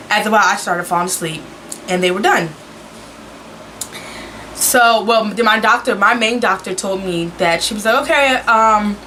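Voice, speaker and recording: A young adult woman vlogger telling a personal story in a chatty, animated way. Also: medium pitch, slight background noise, low-quality recording. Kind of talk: casual storytelling.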